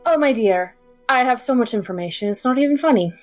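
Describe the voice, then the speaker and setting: A woman's voice: fairly high pitch, lively intonation, fast, darkish tone, soft background music. A woman playing a tabletop game, chatting playfully. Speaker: player. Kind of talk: tabletop role-play chat.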